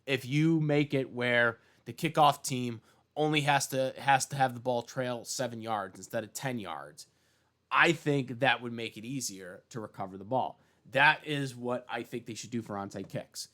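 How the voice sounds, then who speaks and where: A man's voice: medium pitch, normal speed, fairly bright tone. Heated, swearing man ranting on sports. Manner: profane, heated, many fillers and restarts. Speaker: sports commentator vlogger. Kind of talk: casual opinion rant.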